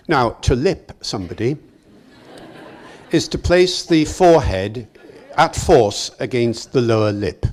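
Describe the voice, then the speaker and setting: An older man from Wales giving a lively, anecdotal public lecture in a hall, chuckling now and then. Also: medium pitch, takes it slowly.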